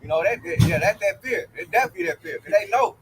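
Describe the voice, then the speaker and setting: A man in a casual religious discussion who speaks emphatically and chimes in with quick agreement. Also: sits high, very animated, gravelly, a little hiss or hum, low-quality recording. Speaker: discussion participant.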